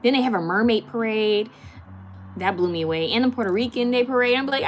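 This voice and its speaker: A woman's voice: on the high side, soft background music. A woman from California hosting a live stream, chatting casually and giggling as she answers viewer comments. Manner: chatty, giggly, with many fillers and quick repeats.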